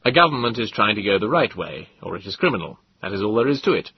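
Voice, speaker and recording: A man voicing an earnest, persuasive middle-aged male government official in an audiobook, lecturing in a husky voice. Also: fairly low pitch, sing-song, fast, no room sound, exaggerated voice. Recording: dull lo-fi dry audiobook.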